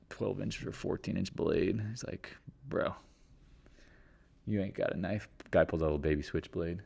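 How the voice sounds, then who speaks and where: A man's voice: low-pitched, creaky. A man hosting a live market stream in a rambling, joking, offhand way, with the odd swear. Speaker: stock market livestream host. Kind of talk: casual live market chat.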